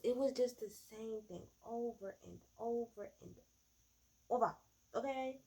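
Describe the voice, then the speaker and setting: A woman in her twenties giving a casual, opinionated recap of a debate, sarcastic and swearing, breaking into loud outrage. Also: fairly high pitch, normal speed, husky. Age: 20s. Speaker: political commentator.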